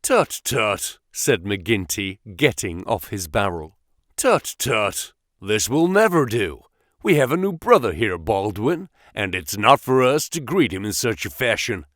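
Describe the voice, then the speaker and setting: A man reads as a burly gang boss who growls his words low and slow, with a mocking edge. His voice sits deep and heavy, and the recording is close and dry. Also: big pitch swings, fairly bright tone, dry recording. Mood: soothing. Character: burly menacing male gang boss, gruff.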